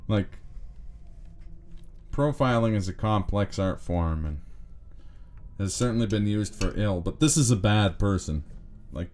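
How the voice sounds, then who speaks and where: A man's voice: lowish voice, a little slow, pauses often, a little mellow, a little hiss or hum. A man streaming a story game, joking and mocking himself as he reads the characters aloud. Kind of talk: casual game commentary.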